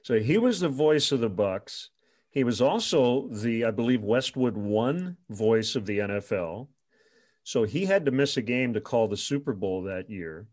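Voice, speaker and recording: A former radio sports reporter telling stories in an interview, animated and chuckling often. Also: male voice, medium pitch, unhurried. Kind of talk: storytelling in an interview.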